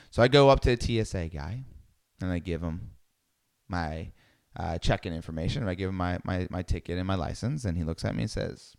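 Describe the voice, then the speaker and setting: A man telling a personal travel story in a lively way, acting out the people he quotes. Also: on the low side. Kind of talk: storytelling talk.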